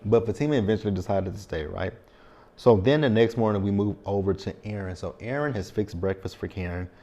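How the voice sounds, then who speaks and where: A man's voice: lowish voice, fairly quick, dark tone. A man in his thirties recapping a TV episode in a casual vlog, talking frankly and checking in with tag questions. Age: 30s. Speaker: TV show recap reviewer.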